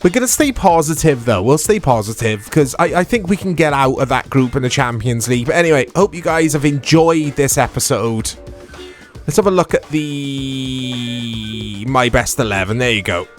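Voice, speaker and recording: A man chatting through a football video game match, talking to his viewers as he plays. His pitch sits in the middle range, and he reacts with quick excited outbursts. Faint music plays under his voice. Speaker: gaming YouTuber. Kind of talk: let's play commentary.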